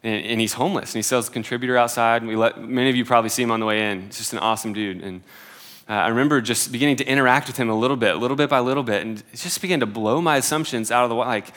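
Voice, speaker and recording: A man's voice: mid-range voice, fairly bright tone. A man in his twenties preaching a sermon in a casual, conversational way, with many filler "like"s and self-deprecating humor. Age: 20s.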